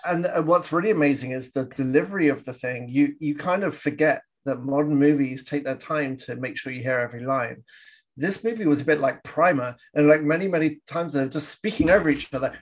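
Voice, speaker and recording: A man's voice: on the high side, a little fast. A man co-hosting a podcast, chatting casually about old films, laughing often and acting out quoted lines. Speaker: podcast co-host. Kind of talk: casual film discussion.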